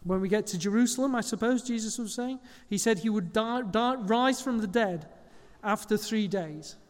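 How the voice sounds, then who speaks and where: A man gives a sermon in a relaxed, conversational way, stopping now and then to correct himself. His voice sits high for a man. The long reverb of a church hall trails behind every phrase. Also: moderate pace. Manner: conversational preaching with small slips and self-corrections. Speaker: pastor.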